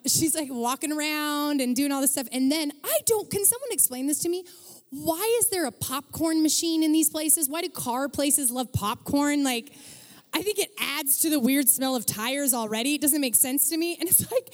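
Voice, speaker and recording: A young woman preaching a casual storytelling sermon, chatty and self-deprecating, with lots of filler words. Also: high-pitched. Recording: long reverb of a large hall.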